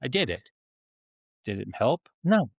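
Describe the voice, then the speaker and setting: A man's voice: mid-range voice, big pitch swings, unhurried, creaky, slightly rough, no echo, lo-fi sound. A man in his forties co-hosting a podcast, telling a candid, rambling story and swearing freely. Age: 40s. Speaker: podcast co-host. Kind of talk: casual chat.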